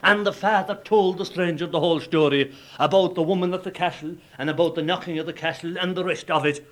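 A man with an Irish accent telling a traditional folk tale in a lively, dramatic way. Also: high voice, quick pace. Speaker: storyteller.

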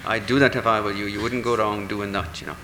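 Lively man telling an old folk tale. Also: fairly low pitch, fast, echoey room, big-room sound, slight background noise, low-quality recording. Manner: lively, animated, voices characters in dialogue. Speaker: storyteller.

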